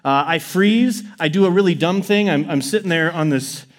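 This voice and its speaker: A man preaching to a congregation, telling a personal story in a casual, animated way. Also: on the high side. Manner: animated, acts out his story with quick inner quotes. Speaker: pastor. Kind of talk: sermon storytelling.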